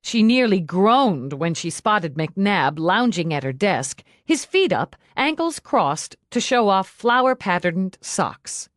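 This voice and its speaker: A woman narrating an audiobook in a steady, scripted storytelling style on a close mic. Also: medium pitch, slow pace, few pauses, dry recording.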